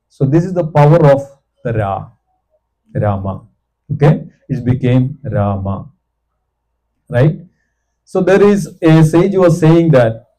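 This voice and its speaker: A man leads a devotional storytelling class in a slightly high but mellow, warm voice. He asks his listeners questions and answers them himself, and he chants repeated syllables that grow softer until they nearly vanish. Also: rough recording. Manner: chants repeated syllables softly, trailing off to near silence.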